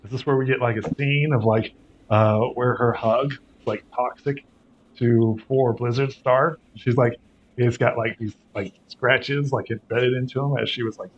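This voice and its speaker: A man's voice: medium pitch, steady tone, unhurried, slight background noise. Rambling man running a tabletop game. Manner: rambling, fills with "like" and "right?". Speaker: game master. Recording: muffled lo-fi audio.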